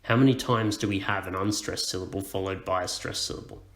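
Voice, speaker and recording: Male educator, low voice, slow clear explainer, echoey room. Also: a bit bright. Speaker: teacher.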